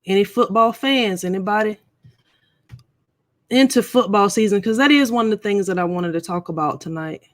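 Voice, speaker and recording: A woman's voice: mid-range voice, normal speed, no room sound. A middle-aged woman hosting a casual live stream, chatting and playfully teasing viewers.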